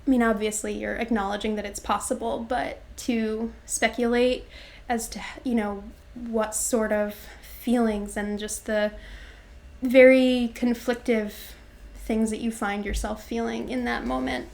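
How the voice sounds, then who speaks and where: A woman in her twenties telling her personal story in an interview, reflective and halting, with many fillers and restarts. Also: fairly high pitch, little pitch movement, a little mellow. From Florida, USA. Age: 20s.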